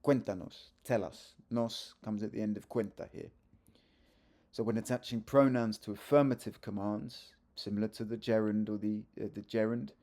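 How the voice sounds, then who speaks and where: Teaching grammar to camera, a middle-aged Spanish teacher speaks in a low, mellow, gravelly voice with fry. His manner is chatty and relaxed, with mid-sentence self-corrections and asides in this video lesson.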